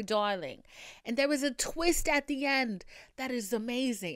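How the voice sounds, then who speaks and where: A young woman with a light Boston accent talks in a chatty, profane and dramatic monologue as a podcast host. Her voice is smooth and clear, recorded dry and close with no room sound. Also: mid-range voice, animated, normal speed, no room sound. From Boston area, USA. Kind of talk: casual monologue.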